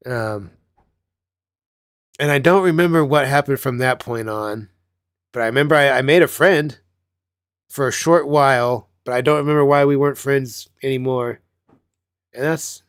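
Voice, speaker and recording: A man's voice: mid-range voice, no echo, studio quality. A man hosting a casual chat, telling rambling childhood stories with lots of swearing and laughing at himself. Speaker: channel host.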